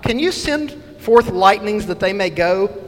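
Male preacher with a higher-pitched voice, earnest expository sermon, echoing church. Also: expressive, unhurried. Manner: earnest expository preaching, reading scripture aloud.

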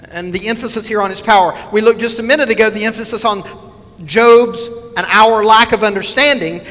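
Male preacher with a higher-pitched voice, earnest expository sermon, echoing church. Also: sharp tone. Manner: earnest expository preaching, reading scripture aloud.

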